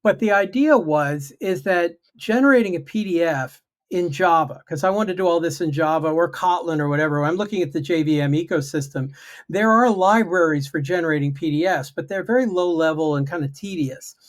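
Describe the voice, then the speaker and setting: On a video-call livestream, this male guest programmer talks about his project with casual, self-deprecating humor. He speaks fairly quickly, with a fairly high pitch.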